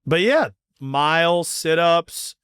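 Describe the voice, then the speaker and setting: A man hosting a podcast in casual chat, talking bluntly with lots of swearing and quick bursts of speech. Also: on the high side, expressive, fairly bright tone, smooth, no echo, clean studio sound. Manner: blunt and profane, fast bursts. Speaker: podcast host.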